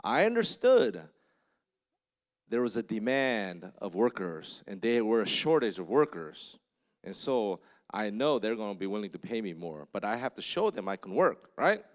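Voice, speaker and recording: A man's voice: lowish voice, sing-song, moderate pace. A man preaching a conversational sermon as pastor, telling stories and bluntly exhorting the congregation, often checking in with them.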